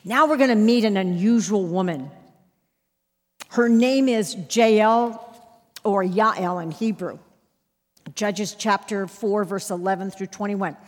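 A woman Bible teacher giving a sermon, telling a personal story with emphatic, sudden loud rises. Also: mid-range voice, slow, pauses often, in a large hall.

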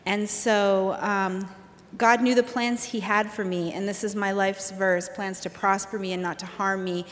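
A woman's voice: medium pitch, flat delivery, measured pace, slight background noise. A woman telling her personal testimony in a candid storytelling manner with fillers. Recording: long hall reverb.

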